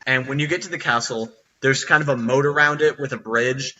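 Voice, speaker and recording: A man narrating a tabletop game as dungeon master, halting with many fillers, over online voice chat. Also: mid-range voice, steady tone, sharp tone, distant mic, highs cut off.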